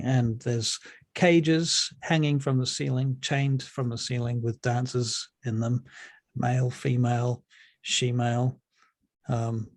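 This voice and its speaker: A man running a tabletop role-playing game as game master, narrating in a relaxed way with many ums. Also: mid-range voice, creaky. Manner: relaxed, full of ums and uhs.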